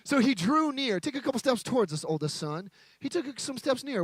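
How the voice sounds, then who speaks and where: A man gives a playful, chatty sermon from a stage and banters with his audience. His voice sits high and comes across close and dry, with no room echo. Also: very animated, a little fast, breathy edge. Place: stage before a live audience.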